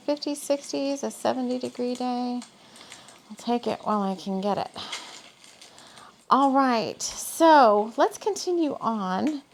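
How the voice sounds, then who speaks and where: A fairly high-pitched woman with a gravelly, fry-tinged voice, chatting casually as a spiritual host. She rambles, laughs often and fills pauses with "um" and "you know" while drawing tarot cards. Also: a little mellow, a little hiss or hum.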